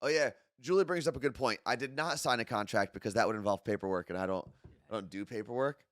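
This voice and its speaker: A man's voice: mid-range voice, quick pace, no room sound, clean studio sound. A man co-hosting a casual morning show, joking and poking fun at himself. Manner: joking, self-mocking. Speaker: podcast co-host.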